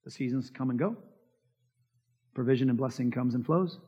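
Speaking at a normal pace in a mid-range, dark-toned voice with a breathy edge, a pastor gives a forceful sermon. He asks the congregation rhetorical questions and dramatizes quotations. The sound is dull and lo-fi, drenched in long hall reverb.

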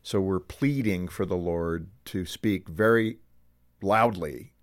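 A man hosts a faith radio interview in a very deep voice. He talks conversationally, with quick asides, as he draws out his guest. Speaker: radio show host.

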